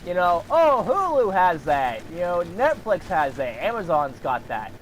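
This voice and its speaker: A man's voice: sits high, sing-song, a little slow, a little hiss or hum. A man delivering a heated, profane rant to camera, swearing often and throwing in sarcastic asides. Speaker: vlogger.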